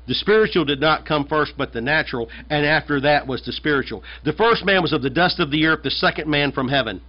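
A pastor from the United States delivers a conversational but emphatic sermon, often doubling back to repeat a phrase for weight. His voice sits fairly high. The recording is dull and lo-fi. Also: animated, a little fast.

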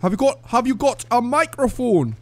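A man's voice: very high-pitched, animated, normal speed, darkish tone, voice pushed up. A man putting on a Geordie accent as a chummy, nosy stranger in online game voice chat. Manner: overly friendly, prying.

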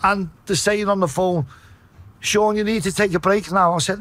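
A man with a Liverpool accent telling a story in a casual way, swearing a lot and acting out his own shouts. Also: high voice, brisk. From Liverpool, England.

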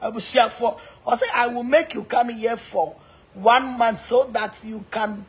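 A woman's voice: fairly high pitch, steady tone, measured pace, slightly rough. A Ghanaian woman mixing Twi and English in a mocking, laughing rant, taunting people online. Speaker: social media personality. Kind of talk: mocking live-stream rant.

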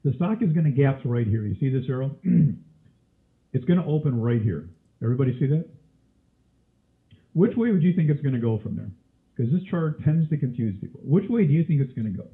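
Male trading instructor, mid pitch, a cough and a scratchy throat, quizzing style, tinny webinar audio. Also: lively intonation, a little fast, long pauses. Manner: quizzes listeners with frequent questions. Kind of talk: live webinar teaching.

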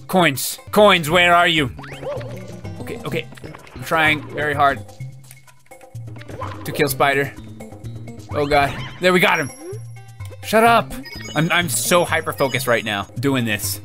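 Male gameplay host, commentary, frantic, yelling at the game, animated pitch, game music. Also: normal speed, pauses often.

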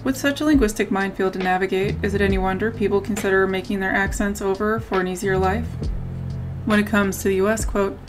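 A woman narrating a scripted video essay in a measured way, often reading out quotes. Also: mid-range voice, fairly even intonation. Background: background music.

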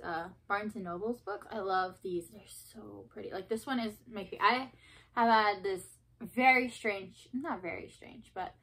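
A woman's voice: medium pitch, fairly bright tone, low-quality recording. A woman in her twenties chatting casually to her channel, rambling and gushing with lots of fillers, sometimes sinking to a whisper. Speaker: vlogger. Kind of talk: casual chat.

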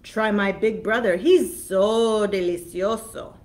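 A woman's voice: medium pitch, slow, a little mellow, close to an everyday voice. A woman voicing a middle-sized billy goat who bargains insistently for a storybook reading. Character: middle billy goat, quick-talking and evasive.

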